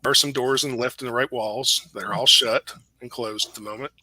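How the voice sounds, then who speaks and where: Man gm narrating the scene, bright voice, dry close sound, laid back. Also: mid-range voice, brisk, no room sound. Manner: relaxed, chuckling narration. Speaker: game master. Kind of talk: narrating a tabletop game.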